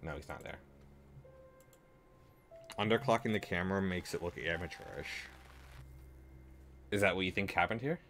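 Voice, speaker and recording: A man commenting live on a video game, thinking aloud and hesitating as he weighs his choices. His voice is very deep. A faint hiss sits behind him. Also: moderate pace, long pauses, a bit bright. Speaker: streamer.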